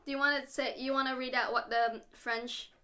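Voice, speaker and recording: A woman's voice: high-pitched, little pitch movement, a little fast, bright, forceful tone. A woman co-hosting a casual chat, giggly and often tripping over her words. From Vietnam. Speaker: podcast co-host.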